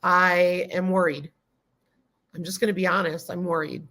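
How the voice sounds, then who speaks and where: A woman's voice: fairly low pitch, level tone, normal speed, a bit bright. A woman hosting a casual live stream, greeting viewers by name, reading chat comments aloud and gushing with thanks. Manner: gushing and grateful toward viewers. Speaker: livestream host.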